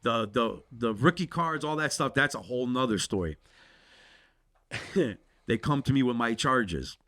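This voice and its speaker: A man's voice: medium pitch, animated, a little slow, fairly bright tone. A middle-aged man telling a story in casual talk, swearing freely and acting out both sides of the conversations. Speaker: podcast guest.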